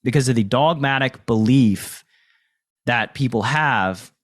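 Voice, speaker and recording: A man's voice: mid-range voice, a little slow. Casual, swearing male podcast host. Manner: loose, filler-heavy talk with casual swearing. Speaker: podcast host and poker coach.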